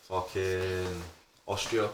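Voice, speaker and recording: A young man leading a casual word game among friends, animated and swearing. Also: sits low, very slow, roomy sound. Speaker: game leader.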